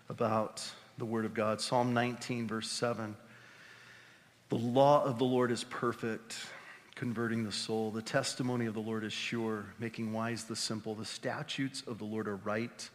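A pastor preaching a conversational, animated sermon with exclamations. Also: male voice, mid-range voice. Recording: reverberant hall.

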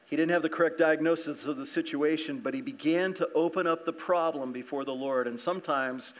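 Higher-voiced man preaching a sermon. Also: fairly quick. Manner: conversational, explains the verses in an everyday way; asks the listeners questions. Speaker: pastor.

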